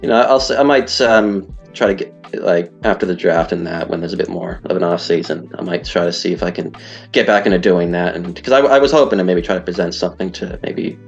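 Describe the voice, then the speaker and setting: Deep guy rambling in an online interview, kinda muffled audio, quiet music under it. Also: brisk, gravelly. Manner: chatty, rambling, self-deprecating. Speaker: guest, league player. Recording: dull lo-fi audio, faint music.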